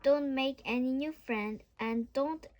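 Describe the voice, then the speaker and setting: Brief: snappish storybook mother witch, high and slow, read by a woman. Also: darkish tone. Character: cranky mother witch who loves badness.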